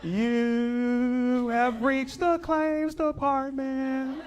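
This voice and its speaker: A man voicing a curt female claims agent who speaks very slowly and stiffly. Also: extremely high pitch, little pitch movement, highs cut off, pitched above the performer's own voice, heavily acted. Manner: very slow, drawn-out and stiff.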